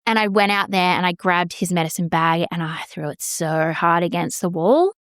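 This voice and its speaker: A woman's voice: lowish voice, normal speed, a bit bright, no room sound, studio quality. A woman, hosting a podcast and frankly telling a personal story, swearing freely and acting out the exchanges she remembers. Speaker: podcast host.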